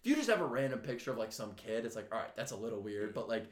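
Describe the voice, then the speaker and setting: A young man co-hosting a podcast, telling stories in casual, profane, animated chat. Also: mid-range voice, racing, roomy sound. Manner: swears a lot, animated storytelling with laughs. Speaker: podcast co-host.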